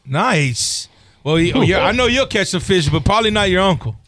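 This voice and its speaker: Radio guy cracking jokes, kinda high voice, dry close mic. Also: normal speed, dry recording. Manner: joking, animated, teasing. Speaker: radio host. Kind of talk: casual radio banter. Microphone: studio mic.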